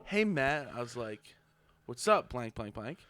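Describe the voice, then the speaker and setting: A man's voice: medium pitch, very animated, measured pace, fairly bright tone, a little hiss or hum. A young man co-hosting a podcast, chatting casually with teasing jabs and telling his own story. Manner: teasing interjections. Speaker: podcast co-host.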